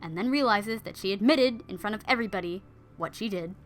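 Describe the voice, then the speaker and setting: A woman's voice: mid-range voice, brisk, soft background music. A woman podcast host retelling an old legend in a chatty, playful storytelling style with casual asides.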